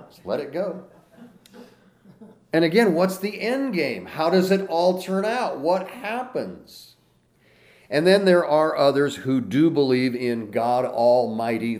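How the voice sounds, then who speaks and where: Slow, lively-voiced male preacher. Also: mid-range voice. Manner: emphatic, questioning, reads scripture aloud. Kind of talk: sermon.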